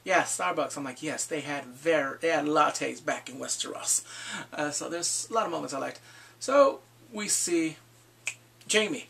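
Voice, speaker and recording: High-ish guy ranting about a tv episode, bright gravelly voice, faint hum in the back. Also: far from the mic. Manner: animated, acts out characters in quick impressions, swears freely. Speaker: TV show reviewer. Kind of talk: casual spoiler recap vlog.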